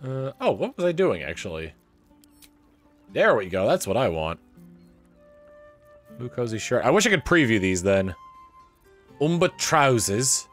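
A man's voice: medium pitch, very animated, unhurried, pauses often, soft background music. A man giving wry live commentary while playing a video game and reading in-game text aloud. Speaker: game streamer.

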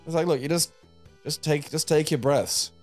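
A man co-hosting a podcast, cutting in with sarcastic deadpan jokes and frequent swearing. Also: a little high, moderate pace, faint music behind. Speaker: podcast co-host. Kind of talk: casual podcast banter.

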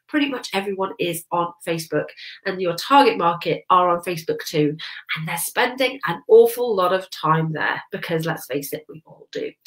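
Stuffy-nosed woman coaching small business owners; casual, filler-heavy delivery, mid pitch, echoey room. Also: a bit bright. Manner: chatty, many "um" fillers. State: nasal from a head cold. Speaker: social media coach. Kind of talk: casual teaching talk to camera. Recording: roomy echo.

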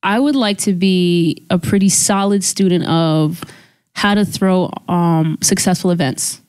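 A woman in her twenties co-hosting a podcast, casual, playful and quick to laugh. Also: fairly low pitch, darkish tone, smooth, no room sound, studio quality. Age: 20s. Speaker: podcast co-host. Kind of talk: casual chat.

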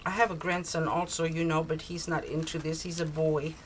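A woman's voice: deep voice, flat delivery, brisk, slight background noise, low-quality recording. An older woman opening a craft swap package on her video blog, gushing and exclaiming over each tiny item. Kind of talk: casual unboxing chat. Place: cold home, heater on.

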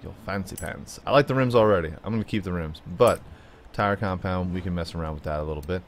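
He's a fast talker, a gaming YouTuber bantering playfully with his car and viewers during gameplay. His chatty delivery pops into high, silly voices, with a bit of background noise audible.

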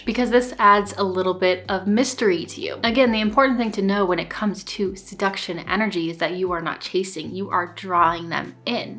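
A young woman vlogging advice to camera in a relaxed, conversational way, often checking in with "right?". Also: medium pitch. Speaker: lifestyle vlogger giving dating advice. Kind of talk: casual instructional talk to camera.

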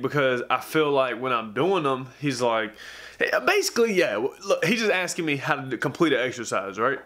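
A man, a fitness vlogger, telling a story straight to camera in a heated, profane rant that keeps circling back with "bruh.". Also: moderate pace. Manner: acts out others' lines in a higher, lively voice.

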